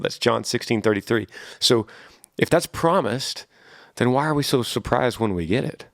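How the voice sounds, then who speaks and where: A man's voice: mid-range voice, lively intonation, moderate pace, gravelly, no room sound, studio quality. A man in his thirties hosting a faith podcast, answering listener questions in an earnest, preachy way and often repeating words as he thinks. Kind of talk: casual faith-based podcast talk.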